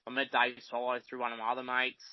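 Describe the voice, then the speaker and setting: A man's voice: mid-range voice, completely flat delivery, quick pace, no room sound. An Australian man, a mechanic, chatting casually as a podcast guest, rambling and swearing freely. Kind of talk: casual chat. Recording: dry, slightly dull podcast audio.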